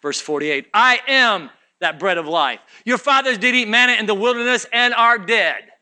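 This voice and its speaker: A man preaching a sermon as pastor, swinging from low mutters to loud shouts. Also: animated, moderate pace, clean tone.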